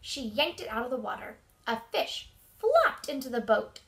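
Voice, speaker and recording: A woman reading a children's storybook aloud with expressive, animated delivery. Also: a little high, normal speed, heavy background noise. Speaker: storybook reader.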